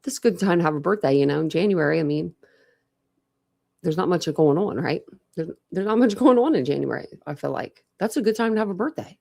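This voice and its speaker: Speaking around a retainer, this young Ohio woman greets her true crime livestream audience in loose, chatty fashion, with plenty of "like" fillers. Her voice is fairly low, gravelly, and a little mellow. She talks briskly and with animation.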